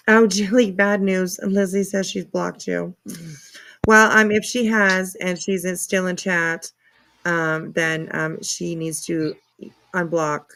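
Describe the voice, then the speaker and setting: Her voice sits lowish with a slightly bright edge. She runs a laid-back livestream, chatting away, answering comments with plenty of apologies and some casual cursing.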